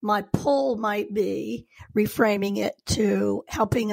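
A woman's voice: medium pitch, slow pace, vocal fry, darkish tone. A woman who is an executive coach, speaking reflectively in conversation and posing questions to herself. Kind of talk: casual conversation.

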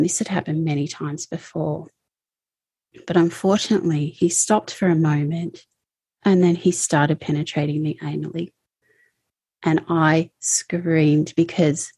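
Woman telling her story in an interview, halting and emotional, dry close sound. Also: low voice, a little mellow, husky, no room sound. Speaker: interview guest. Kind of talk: personal testimony.

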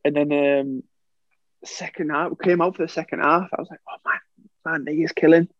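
A man's voice: on the high side, fairly even intonation, normal speed, no room sound, dull audio. A young man and former footballer telling stories in casual podcast chat, laughing often and acting out what people said. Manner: chatty storyteller, laughs often, acts out quoted lines.

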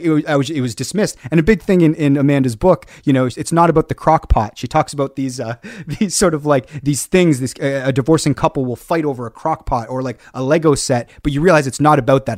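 A man's voice: fairly high pitch, no echo, studio quality. A man on a podcast, telling a long story in casual chat with lots of fillers and restarts. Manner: rambling, many fillers and restarts. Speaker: podcast co-host.

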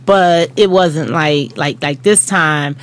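A middle-aged woman from Miami, a guest on a casual podcast, telling lively stories and laughing between phrases. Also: sits low, slow pace. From Miami, Florida. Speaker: guest, host's mother.

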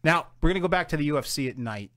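A man co-hosting a loose, profane podcast. His voice is bright and his pitch swings widely. The sound is close and dry. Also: animated, very fast, dry recording. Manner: loose, laughing, swears freely. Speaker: podcast co-host. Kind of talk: casual podcast chat.

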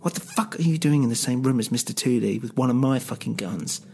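A man's voice: medium pitch, brisk, creaky, a little hiss or hum, close to an everyday voice. A man doing a snarling gangster boss. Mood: threatening. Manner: shouting, swearing, threatening. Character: menacing foul-mouthed gangster boss man.

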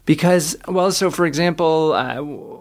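A man's voice: fairly high pitch, unhurried. Earnest man telling stories, frequent restarts. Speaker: interview guest, author. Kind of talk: reflective conversational storytelling.

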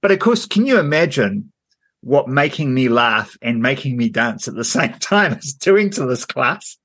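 A man's voice: mid-range voice, very animated, normal speed, a bit bright, breathy edge. A man co-hosting a podcast, telling a rambling story in casual chat with lots of fillers and frequent laughter. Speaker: podcast co-host.

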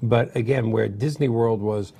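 A man's voice: on the low side, moderate pace, vocal fry, dark tone, husky. A middle-aged man from New York hosting a casual chat, joking and asking his guest questions. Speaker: host. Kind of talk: casual talk show chat.

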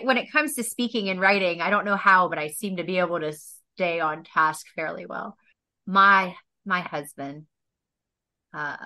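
Bright-voiced woman sharing personal stories. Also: lowish voice. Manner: heartfelt, laughs often, animated when telling stories. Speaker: podcast guest. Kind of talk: personal storytelling in a podcast interview.

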